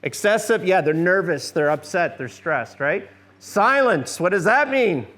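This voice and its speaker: A man's voice: high-pitched, lively intonation, unhurried, fairly bright tone. A middle-aged man giving a conversational church workshop lecture, often asking the audience questions. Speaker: seminar presenter.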